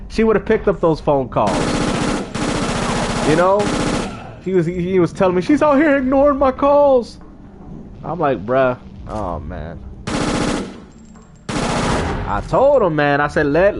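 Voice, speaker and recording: A man telling a story casually to his stream audience in a slangy, animated way, acting out the quotes with big jumps in his voice. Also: high-pitched, background noise. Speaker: gaming streamer.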